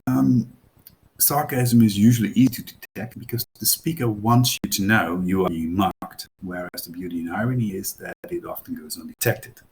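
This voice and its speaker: A man with a Dutch accent explains a topic to a class in a loose, chatty way, full of fillers and asides. His voice sits fairly low. A faint hiss runs under the recording. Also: moderate pace, a little mellow, rough recording. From Netherlands. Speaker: teacher.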